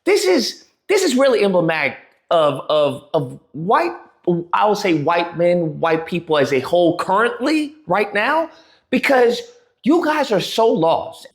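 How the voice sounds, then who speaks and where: A man in a played commentary clip speaks with a high voice that swoops widely. He lectures in a pointed way and halts now and then to restart a phrase. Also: big pitch swings, a little slow.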